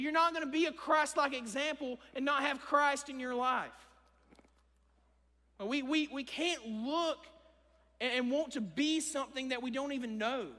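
A young man with a strikingly high voice delivers an earnest sermon and repeats his key phrases for emphasis. His words ring out with a long reverb in a church sanctuary. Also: sharp tone. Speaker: preacher.

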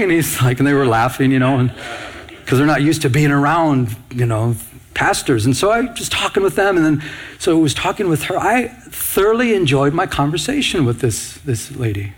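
A man's voice: a little high, lively intonation, fairly quick, husky. A male pastor giving an earnest, urgent sermon, often restarting his sentences.

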